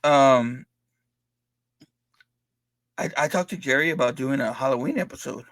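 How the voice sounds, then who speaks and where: A man's voice: mid-range voice, measured pace, a bit bright, dry recording. A man co-hosting a podcast in casual chat, laughing often and swearing freely, full of likes and restarts. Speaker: podcast co-host.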